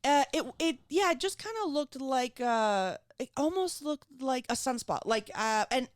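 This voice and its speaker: A woman from Venezuela, a guest on a comedy podcast, tells a story casually. Her voice sits fairly high, and she acts out every quoted line with animated swings and casual swearing. The sound is dry and close to the mic. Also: unhurried, no echo.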